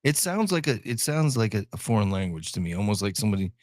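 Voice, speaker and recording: A man's voice: fairly low pitch, very animated, quick pace, no echo, studio quality. A man from Ohio co-hosting a podcast in casual chat, joking, laughing often and repeating his words. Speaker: podcast co-host.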